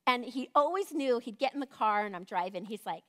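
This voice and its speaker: A woman's voice: fairly high pitch, lively intonation, fairly quick. A woman teaching a women's Bible study in a casual, conversational way, often checking in with "right?".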